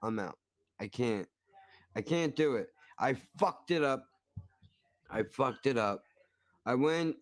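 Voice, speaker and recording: A man's voice: mid-range voice, smooth, no room sound. A man hosting a stream, reacting to a cooking video with profane, mock-outraged ranting. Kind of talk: casual reaction commentary.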